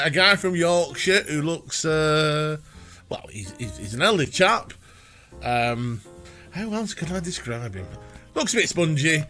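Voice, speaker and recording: A man's voice: fairly high pitch, pushed and bright. A man hosting a casual reaction video, chatty, rambling and playful. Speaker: reaction channel host.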